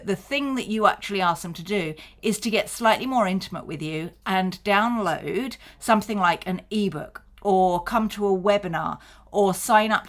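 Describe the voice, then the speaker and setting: A woman's voice: on the low side, fairly bright tone. A woman teaches marketing straight to camera as a coach. Her delivery is conversational and friendly in pace, and she slips into little acted-out exchanges to make her points. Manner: conversational, acts out short snippets of dialogue. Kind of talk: explaining to camera.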